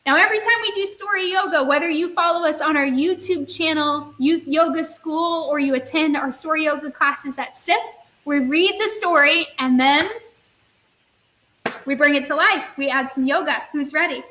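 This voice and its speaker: A woman's voice: sits high, moderate pace, bright, forceful tone. A woman leading a children's story yoga class, reading a counting story in a sing-song, encouraging voice with playful sound effects. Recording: echoey room, distant mic, faint hiss.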